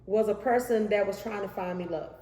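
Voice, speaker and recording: A woman's voice: medium pitch, fairly quick. A woman with a Texan accent telling a personal love story in a casual chat, acting out quotes and restarting her sentences. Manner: animated, acts out quotes, trails off and restarts. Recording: echoey room with long reverb.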